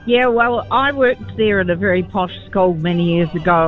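A woman's voice: mid-range voice, moderate pace, narrow, tinny audio, soft background music. A woman calling in to a radio show, a former teacher, friendly and matter-of-fact. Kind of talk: phone-in chat.

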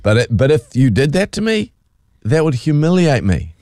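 A man's voice: medium pitch, big pitch swings, normal speed, darkish tone, no room sound, clean studio sound. A man hosting breakfast radio, blunt and teasing in banter. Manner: blunt, teasing, laughs often. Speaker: radio host. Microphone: studio mic.

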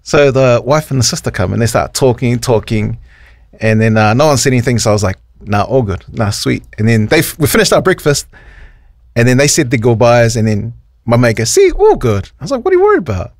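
A man's voice: fairly quick, no echo, clean studio sound. A New Zealand man hosting radio, telling a funny story and acting out quotes. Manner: animated, acts out quotes in high voices, laughs a lot. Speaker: radio host. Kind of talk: storytelling on air, casual chat. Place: radio studio.

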